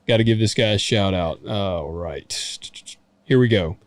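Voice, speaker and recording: A man's voice: lowish voice, moderate pace, no echo. A man hosting a podcast, chatting easily and reading listener reviews aloud with loose banter. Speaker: podcast host. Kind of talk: casual chat.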